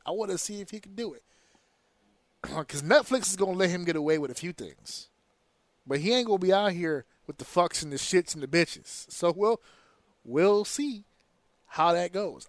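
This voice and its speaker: A man hosting a casual podcast, ranting in an animated, profane way. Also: on the high side, no room sound. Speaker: podcast host.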